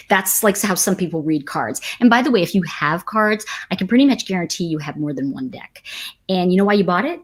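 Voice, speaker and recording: A woman's voice: fairly low pitch, husky. A middle-aged woman hosting a live tarot chat, teaching casually and telling stories while reading viewer comments. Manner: chatty, storytelling, reads viewer comments aloud. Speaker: tarot teacher and livestream host.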